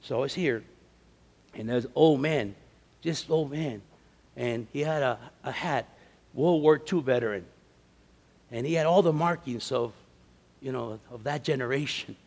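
A man giving a storytelling sermon at a men's conference, moving from easy chat to loud, emphatic preaching. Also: mid-range voice, measured pace, long pauses. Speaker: conference speaker. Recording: long reverb of a large hall.

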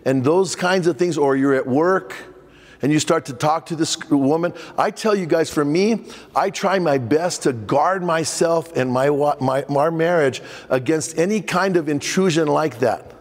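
A man, a pastor leading a men's conference workshop, telling a personal story with lively acted-out dialogue. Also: on the high side, a little slow. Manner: animated storytelling, acting out dialogue. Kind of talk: conference talk with personal stories. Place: large hall before a men's conference crowd. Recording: long hall reverb.

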